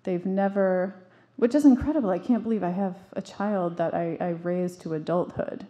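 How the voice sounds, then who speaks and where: Mellow-voiced woman giving an earnest talk. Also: fairly low pitch, moderate pace. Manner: earnest, emphatic storytelling with frequent restarts. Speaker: parenting speaker. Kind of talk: public talk to an audience.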